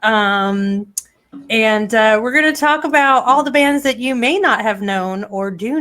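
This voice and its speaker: A woman's voice: on the high side, lively intonation, unhurried, fairly bright tone. A woman hosting a casual chat show, joking around and quizzing her co-hosts with trivia. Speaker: podcast host.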